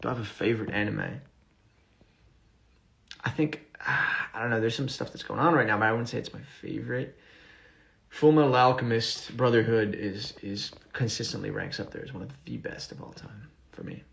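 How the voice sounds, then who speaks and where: A male actor casually reads out fan questions during a livestream, answering with fillers and restarts. His mid-range voice is gravelly and a bit bright at normal speed, captured on a phone microphone.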